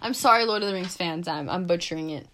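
A woman co-hosting a podcast in casual chat, animated and chatty and laughing often. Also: on the low side, fast talker, slight background noise. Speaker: podcast co-host.

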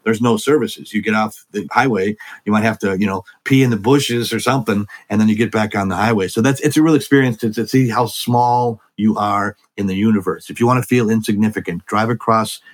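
A man's voice: on the low side, a little fast, hardly any pauses. A man co-hosting a podcast, chatting casually, joking and rambling with many restarts. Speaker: podcast co-host and comedian.

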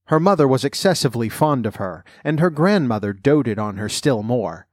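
A man reads an old fairy tale aloud at a measured, steady pace. His voice sits in a middle pitch. The recording is close and dry, with no room echo. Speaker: narrator.

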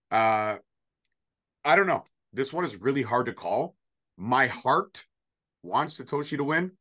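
Joking low-voiced man predicting wrestling. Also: pushed and bright. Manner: joking, rambling, sarcastic asides. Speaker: podcast co-host. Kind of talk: casual wrestling prediction chat.

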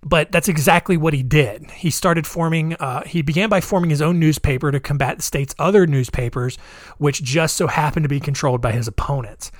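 A man's voice: a little high, brisk, dry recording, studio quality. A man casually telling a history story, with frequent fillers, wry jokes and asides. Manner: conversational, many fillers and asides.

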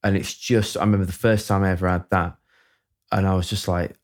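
A man's voice: low-pitched, flat delivery, a little fast. A man hosting a casual podcast chat, rambling and laughing easily. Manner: chatty, rambling, laughs often. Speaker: podcast host.

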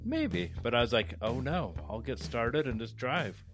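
A man's voice: medium pitch, moderate pace, over music. A man co-hosting a casual podcast chat, chatty and rambling, with self-deprecating jokes. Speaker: podcast co-host.

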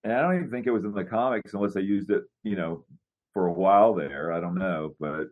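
A man's voice: sits low, a little fast. A man who is a podcast guest, chiming in on casual chat over a tinny phone-like line. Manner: brief agreeing interjections.

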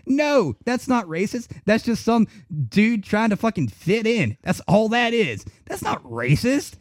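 A man's voice: high voice, big pitch swings, normal speed, hardly any pauses, no room sound. A man co-hosting a podcast, ranting heatedly with heavy swearing in casual chat. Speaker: podcast co-host.

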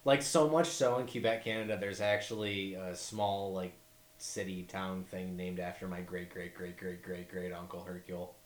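A man with a somewhat low voice swaps crude stories and insults in loose banter. His voice rings in a roomy, echoey space. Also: fairly even intonation, normal speed, a little hiss or hum. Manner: crude, teasing storyteller. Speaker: podcast co-host. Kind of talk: casual chat.

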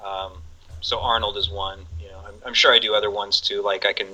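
A husky man in his forties talks as a guest in a relaxed chat. His voice is bright and forceful, and he rambles along with lots of fillers and laughter. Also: on the low side, fairly quick, poor audio. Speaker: podcast guest. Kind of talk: casual chat.

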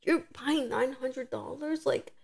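A woman's voice: high voice, unhurried, gravelly. A young woman in her twenties co-hosting a casual podcast chat, telling a story with lots of acted-out quotes. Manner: animated storytelling, acting out quoted voices. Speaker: podcast co-host.

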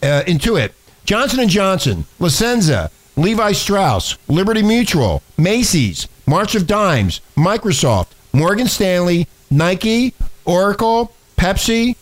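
A man's voice: sits high, sing-song, takes it slowly. A man co-hosting a talk show with a sore throat, reading news items in casual banter and often stumbling over and repeating words. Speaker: radio talk show co-host.

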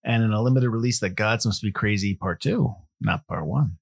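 A man's voice: lowish voice, normal speed, gravelly, slightly rough, no room sound, clean studio sound. A man co-hosting a film podcast, joking around while running through release facts in a breezy way. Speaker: podcast co-host. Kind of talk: casual film podcast chat.

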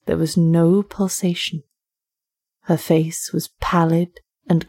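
A woman who narrates a short story and hosts the show, reading in a measured, even way. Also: lowish voice. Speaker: narrator and host.

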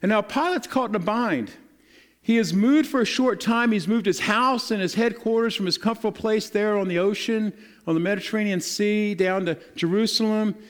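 High-voiced preacher telling a story. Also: male voice, moderate pace. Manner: animated storytelling, acting out scripture scenes in a casual modern voice. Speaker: pastor. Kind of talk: sermon.

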